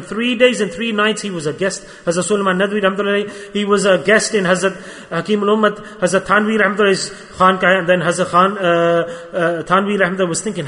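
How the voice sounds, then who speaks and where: High-voiced man preaching in a reverberant hall. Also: steady tone, brisk, bright, forceful tone. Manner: earnest, repeats phrases for emphasis. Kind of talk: storytelling sermon.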